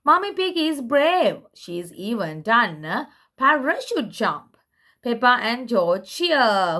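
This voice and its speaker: A woman reading a children's picture book aloud in a slow, sing-song way for small children. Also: on the high side, big pitch swings, sharp tone.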